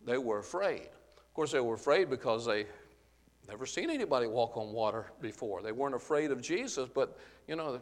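A man delivers an earnest, explanatory Bible-teaching sermon at a middle pitch. His voice carries a long reverb, as if he is speaking in a large hall. He often pauses on small "uh" fillers as he explains the verses. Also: lively intonation. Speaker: preacher.

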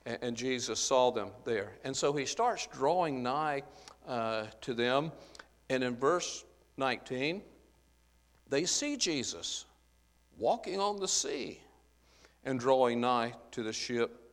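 A man's voice: mid-range voice, lively intonation, takes it slowly. Earnest preacher man in a reverberant hall. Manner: earnest, explanatory, with frequent "uh" fillers. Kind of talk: Bible-teaching sermon. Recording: long reverb of a large hall.

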